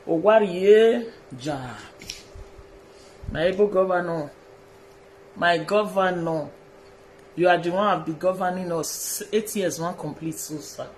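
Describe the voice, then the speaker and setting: A man's voice: high-pitched, a little hiss or hum. A man from Edo State, Nigeria, with a Nigerian accent, recording a direct-address video message. He pleads in a deferential way, repeats his phrases and mixes pidgin with colloquial English. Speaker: social media personality.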